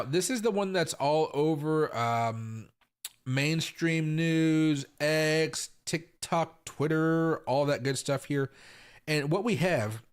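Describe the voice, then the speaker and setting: A young adult man from the US Pacific Northwest hosts a live crypto market stream in casual, rambling commentary, full of fillers and repeats, with sudden loud outbursts. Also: a little high. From Tacoma, Washington, US. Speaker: crypto market livestream host.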